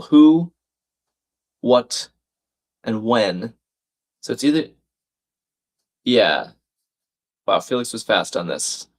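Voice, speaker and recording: A man hosting a live crossword stream, thinking aloud, reading out viewers' chat comments and laughing often. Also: mid-range voice.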